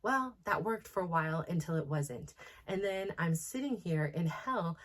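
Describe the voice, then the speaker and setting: A middle-aged woman hosts a candid personal talk, her voice sitting a little low. She speaks frankly and with feeling, rambling through her thoughts with plenty of "like" fillers. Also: expressive, moderate pace. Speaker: host.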